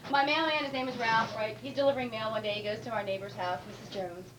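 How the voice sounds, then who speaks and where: A woman's voice: fairly high pitch, fast talker. A woman telling a joke without a microphone at an informal live comedy night, laughing as she goes. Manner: lively joke delivery, laughing through it. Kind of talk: casual stand-up joke telling. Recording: no mic, distant, clear background noise.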